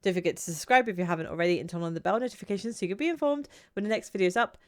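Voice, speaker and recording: A woman's voice: mid-range voice, very fast. A young woman hosting her channel, reviewing a film in a casual, rambling way with frequent restarts and laughter. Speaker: YouTube channel host.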